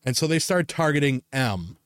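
A young man co-hosting a podcast in casual chat, telling animated stories with lots of swearing and laughter. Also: a little high, normal speed, dry recording, clean studio sound. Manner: swears a lot, laughs often, animated storytelling. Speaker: podcast co-host.

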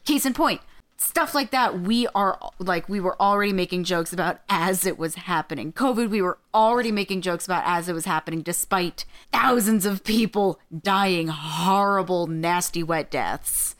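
A woman's voice: on the low side, normal speed. Blunt, sarcastic woman podcaster. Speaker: podcast co-host. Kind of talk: casual chat.

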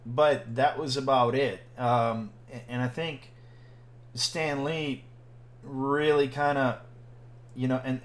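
A man co-hosting a casual podcast chat, rambling and restarting his sentences. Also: medium pitch. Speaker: podcast co-host.

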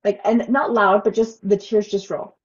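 Expressive lady host chatting away, kinda dull muffled audio. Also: mid-range voice, moderate pace. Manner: animated, expressive storyteller. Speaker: podcast host. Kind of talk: casual interview chat.

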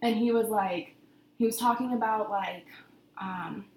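A woman in her twenties telling a story in casual chat, animated, dropping her voice when she quotes people. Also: mid-range voice, a little slow, a little hiss or hum. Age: 20s. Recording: echoey room.

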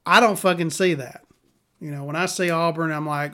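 A woman's voice: deep voice, steady tone, moderate pace, bright, forceful tone. A woman from Alabama, telling stories in a blunt, exasperated way and swearing freely. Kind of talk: casual storytelling rant.

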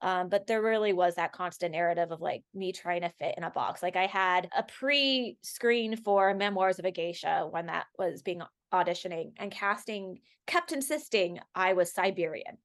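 A woman's voice: on the low side, moderate pace, few pauses. Woman, from Los Angeles, podcast interview guest, emphatic, conversational. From Los Angeles, USA. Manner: emphatic storytelling, acting out quoted remarks. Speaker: podcast guest, actor and activist.

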